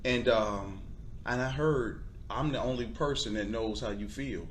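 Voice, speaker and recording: A man telling a personal faith testimony in conversation, earnest and halting, with frequent restarts. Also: mid-range voice, slight background noise. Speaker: guest.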